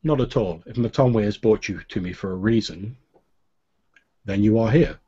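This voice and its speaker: A grave, courteous masked worshipper of fate speaks quietly in a slightly foreign-sounding accent, as a man puts him on. The voice sits low and husky. The recording sounds a little dull. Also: moderate pace. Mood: grave, polite. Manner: formal, soft-spoken.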